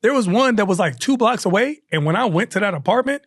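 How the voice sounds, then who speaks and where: A male comedian chatting as a guest, lively and loose, tossing in asides and restarting sentences as he goes. His voice sits a little above the usual male range. The sound is close and dry, with no room echo. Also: high-pitched, quick pace. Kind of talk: casual storytelling chat.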